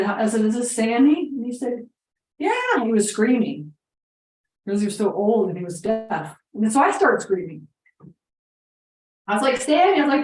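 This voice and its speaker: A woman's voice: a little high, a little mellow, roomy sound, distant mic, poor audio. A woman coaching on real estate investing, telling a story in a chatty, casual way full of fillers and quoted dialogue.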